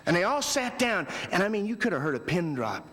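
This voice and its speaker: Animated man speaking in a reverberant hall. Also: fairly quick. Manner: animated storytelling with loud bursts and quiet lows. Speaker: speaker at a youth ministry convention. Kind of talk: conversational keynote talk. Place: large hall before an audience.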